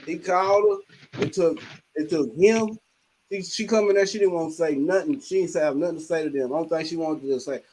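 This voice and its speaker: An older man hosting a livestream, telling animated childhood stories with laughter and acting out his mother's scolding. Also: a little high, fairly quick, a little hiss or hum, low-quality recording. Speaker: livestream host. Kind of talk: casual storytelling chat.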